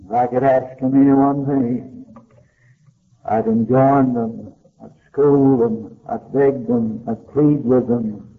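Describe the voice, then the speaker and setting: An older man preaching a sermon, telling a story with passion and wide swings of pitch. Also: steady tone, takes it slowly. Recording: tinny phone-like old tape.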